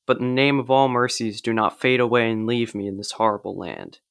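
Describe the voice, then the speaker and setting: A man's voice: medium pitch, lively intonation, a little fast, vocal fry, fairly bright tone, clear, resonant tone, no echo, studio quality. A man reading aloud as a wild-eyed castaway, pleading and frantic with fear.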